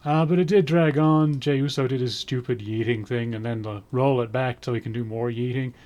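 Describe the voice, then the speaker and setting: A man's voice: medium pitch, a little fast, a little mellow, highs cut off. Man giving a rambling casual review. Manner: rambling, with frequent ums and dry sarcastic asides. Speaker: wrestling show reviewer.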